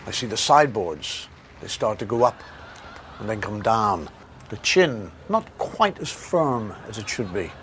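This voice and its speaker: A man's voice: lowish voice, sing-song, measured pace, a bit bright. A man speaks to camera, wry and mocking himself. His voice rises and falls widely. A faint hiss runs underneath. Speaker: comedian. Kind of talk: reflective talk to camera.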